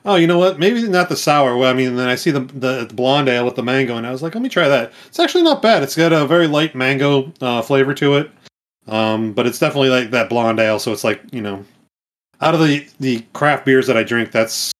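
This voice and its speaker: A man's voice: medium pitch, fairly quick. A man from Long Island, a guest on a gaming podcast, talking casually with easy laughs. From Long Island, USA.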